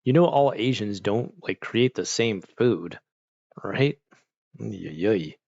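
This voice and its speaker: A man's voice: on the low side, lively intonation, slow, vocal fry, a little mellow, no echo. Rambling, swearing man on a dull, dry mic. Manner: rambling, profane, full of "like" and restarts. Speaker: streamer chatting with viewers. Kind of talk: casual livestream chat. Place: at home on a couch with a pet nearby.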